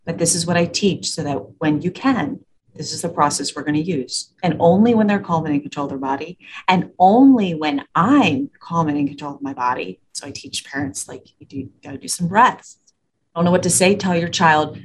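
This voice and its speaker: A woman's voice: sits low, brisk, a little hiss or hum. A woman talking about working with kids and parents in a casual interview, acting out the exchanges she describes. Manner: animated storyteller, acts out quoted exchanges. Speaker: school administrator and parenting educator.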